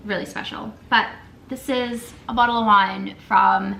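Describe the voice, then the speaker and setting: Bright-voiced young woman, gushing unboxing chat. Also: mid-range voice, steady tone, a little slow, creaky, a little hiss or hum. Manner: gushing, emotional, chatty with many fillers. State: tearful. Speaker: lifestyle vlogger. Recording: echoey room with faint ambience.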